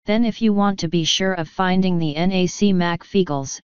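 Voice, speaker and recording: A woman's voice: lowish voice, normal speed, clean tone, no echo, dull audio, lightly acted. A woman reading the part of a gloomy, grumbling male talking toad in a storybook. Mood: mournful. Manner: mournful, grumbling.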